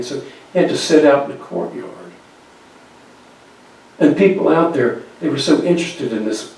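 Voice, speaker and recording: A male pastor telling a Bible story in a conversational sermon with halting restarts, recorded from a distance in an echoey church. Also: medium pitch, darkish tone. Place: church sanctuary. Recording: very echoey hall, distant mic.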